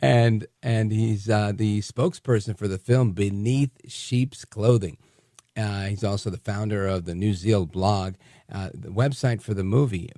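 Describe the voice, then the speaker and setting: A low-pitched man hosting a talk radio program, reading plugs and asking questions in a halting way, with many "uh"s and "um"s. His voice sounds dry and close to the mic, and faint music sometimes plays underneath. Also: dark tone, no room sound. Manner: halting, filler-heavy delivery. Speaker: radio talk show host.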